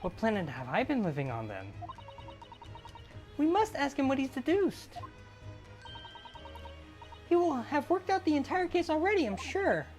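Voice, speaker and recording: A gamer voicing a polite, eager young woman assistant in a raised, bright voice. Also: sits high, very animated, unhurried, pauses often, faint music behind, voice pushed up. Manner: earnest, eager. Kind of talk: fan voice-over of a game.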